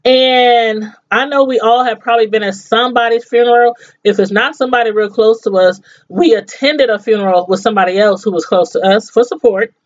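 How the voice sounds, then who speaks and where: Woman, chatty TV reviewer, high-pitched, laughs often, muffled lo-fi sound. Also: fairly quick. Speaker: TV show reviewer. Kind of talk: casual review chat.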